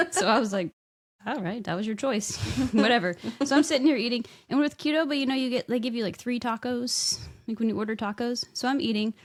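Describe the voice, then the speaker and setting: Animated woman telling a story. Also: on the high side, a little fast. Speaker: podcast co-host. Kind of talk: casual chat.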